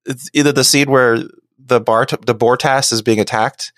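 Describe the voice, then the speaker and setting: A man co-hosting a podcast in casual chat, who laughs often and makes animated asides. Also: mid-range voice, moderate pace, dry recording, clean studio sound. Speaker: podcast co-host.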